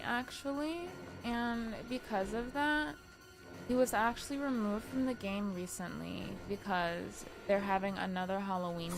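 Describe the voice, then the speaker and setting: Young woman streamer, excitable and chatty, mid-pitched voice, faint game music underneath. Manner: excitable, chatty, swears, answers chat. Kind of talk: casual live-stream chat while gaming.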